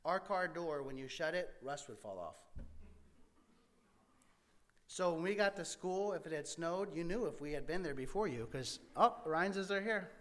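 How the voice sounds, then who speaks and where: A man telling a personal story from his youth in an earnest, halting way, with many fillers and restarts. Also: on the high side, expressive. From American Midwest. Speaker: speaker sharing his life story.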